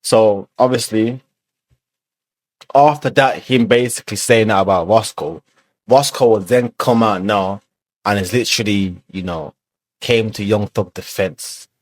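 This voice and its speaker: A man's voice: fairly low pitch, unhurried, no room sound. A man giving casual commentary as a reaction video host, loose and rambling, full of fillers and swearing.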